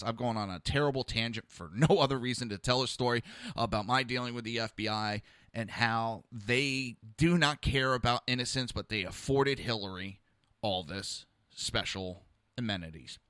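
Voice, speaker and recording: A man's voice: medium pitch, bright, forceful tone, no echo, clean studio sound. A man hosting a podcast, telling a personal story in a heated, rambling, blunt way. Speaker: podcast host.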